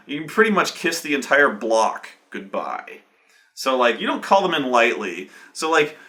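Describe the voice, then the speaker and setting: A man casually recounting a tabletop game session, profane and animated, with many "like" fillers. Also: medium pitch. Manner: profane, animated, fills speech with "like". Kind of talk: casual anecdote.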